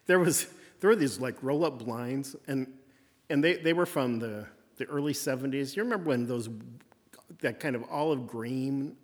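A man's voice: mid-range voice, in a large hall. A man preaching a folksy, conversational sermon in a church, circling back to the same refrains again and again. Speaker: pastor.

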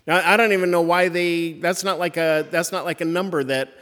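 A man preaching a conversational sermon, halting and restarting often as he retells a story. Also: on the high side, steady tone, fairly bright tone. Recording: reverberant hall.

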